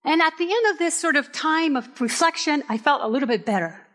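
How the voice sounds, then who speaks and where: A middle-aged woman pastor from Puerto Rico, preaching a candid sermon with personal stories and emphatic, drawn-out phrases. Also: high-pitched, animated, a bit bright. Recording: reverberant hall.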